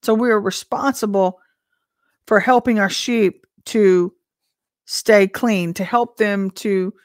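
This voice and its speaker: A woman teacher and minister giving informal prophetic teaching in a conversational way, full of rhetorical questions and an occasional throat clearing. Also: medium pitch, fairly even intonation, slow pace, no room sound, studio quality.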